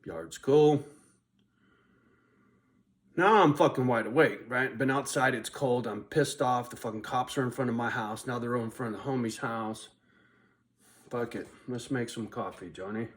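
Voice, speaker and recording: A middle-aged man tells a long, rambling story straight to camera, casual and profane. He swears nearly every sentence and breaks into laughter at himself. His voice sits at an ordinary pitch for a man. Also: unhurried, pauses often. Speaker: vlogger.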